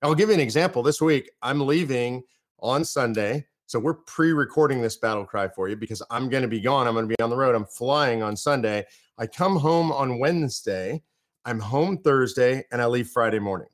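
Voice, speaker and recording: A man's voice: mid-range voice, lively intonation, moderate pace. Man, podcast host, political commentary, emphatic, fired up, repeats phrases for emphasis.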